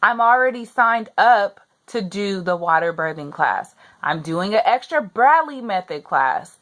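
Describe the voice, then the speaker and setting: Pregnant woman, young adult, frustrated rant, mid-pitched voice, repeats herself. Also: animated, a little slow, a bit bright. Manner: frustrated, venting, repetitive. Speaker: vlogger. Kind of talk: personal rant to camera.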